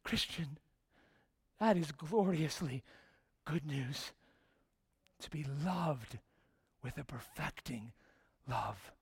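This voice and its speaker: High-voiced impassioned male preacher. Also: lively intonation, slow pace, pauses often, breathy edge, no echo, studio quality. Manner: impassioned, swinging from loud emphasis to hushed near-whispers; direct questions to the congregation. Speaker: pastor. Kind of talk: sermon.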